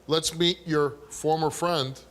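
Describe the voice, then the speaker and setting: A man's voice: on the high side, steady tone, slow, a bit bright. Blunt man talk show host. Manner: direct, blunt. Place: TV studio.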